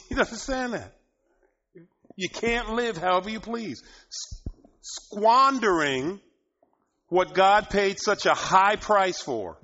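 A man preaching a sermon, often laughing and rising to loud, emphatic bursts, in a dull lo-fi recording. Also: sits high, lively intonation, takes it slowly, long pauses.

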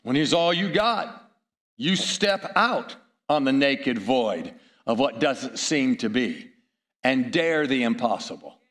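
A man's voice: medium pitch, big pitch swings, takes it slowly, fairly bright tone. A middle-aged man preaching a sermon, telling stories with chuckles and asides to the audience.

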